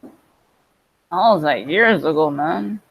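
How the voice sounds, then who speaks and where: A woman's voice: sits low, lively intonation, takes it slowly, creaky, husky. Laid-back rambling woman vlogger. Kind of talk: casual chat.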